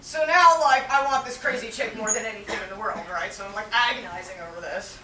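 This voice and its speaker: A woman's voice: on the high side, fast, crowd noise, close to an everyday voice. A woman performing a brash, crude young man who rambles with constant fillers and swearing, in a live stage monologue. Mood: rambling. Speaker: solo performer. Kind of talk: stand-up character monologue. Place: small theater with live audience. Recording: echoey room, mic far off, loud noise.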